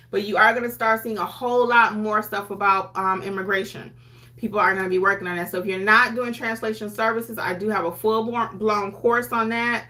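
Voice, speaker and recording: Woman, notary educator, chatty, casual teaching, bright tone. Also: medium pitch. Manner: chatty, conversational, acts out clients' lines. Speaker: notary educator and YouTube host. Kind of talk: casual teaching talk to camera.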